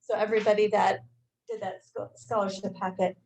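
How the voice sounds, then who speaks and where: A middle-aged woman, a high school staff member, giving an informal, halting talk to a club meeting, with many fillers and restarts. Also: level tone, creaky, a little mellow, poor audio.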